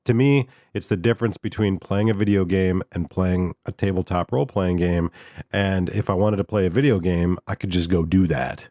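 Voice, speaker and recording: Deep voiced guy chatting on a podcast, laid back, lots of ums, dry close sound. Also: moderate pace, dry recording. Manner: relaxed, frequent filler words. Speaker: podcast co-host. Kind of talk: casual chat.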